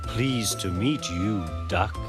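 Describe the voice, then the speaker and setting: A man voicing a smug, scheming male diesel engine with an oily, smooth-talking voice, slow and ingratiating, over background music. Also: on the low side. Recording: music clearly behind.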